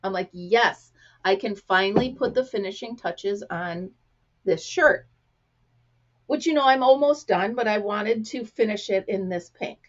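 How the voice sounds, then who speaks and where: Gravelly chatty woman telling stories. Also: medium pitch, moderate pace, muffled recording. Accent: American. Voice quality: gravelly, clears throat often. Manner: chatty storyteller, acts out quotes. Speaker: crafting vlog host. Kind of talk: casual chat to camera.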